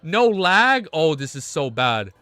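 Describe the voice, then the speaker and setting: A young man live-streaming, reading a novel aloud and breaking into excited, swearing reactions. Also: a little high, slow, no echo. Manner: excitable, swears, laughs and shouts in reaction to the story.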